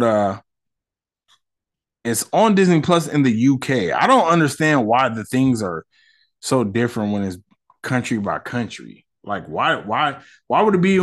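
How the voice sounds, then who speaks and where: A man hosting a casual solo podcast, talking in slangy, ranting commentary. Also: mid-range voice. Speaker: podcast host.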